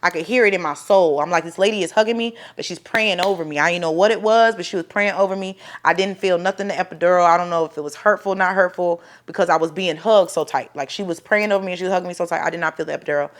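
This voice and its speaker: Young woman telling her own story, lively, does everybody's voices, cusses a lot. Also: lowish voice, fast talker, hardly any pauses. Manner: animated, acts out other people's voices, swears freely. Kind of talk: casual storytelling.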